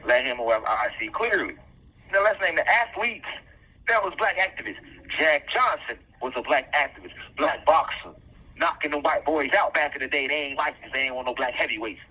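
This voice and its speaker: A man's voice: fairly high pitch, expressive, normal speed, sharp tone, breathy edge, rough recording. A man speaking, delivering an impassioned, preachy monologue full of repeated phrases and rhetorical questions. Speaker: self-styled activist commentator.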